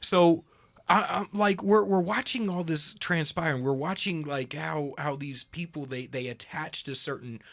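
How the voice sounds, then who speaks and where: Animated man telling a story. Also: on the high side, unhurried, creaky. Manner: animated storyteller, acts out dialogue in a raised voice. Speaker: host. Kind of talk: casual political talk.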